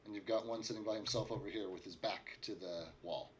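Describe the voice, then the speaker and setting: A man's voice: lowish voice, fairly even intonation, fairly quick, slight background noise. A man narrating a tabletop game as game master, casual and full of fillers.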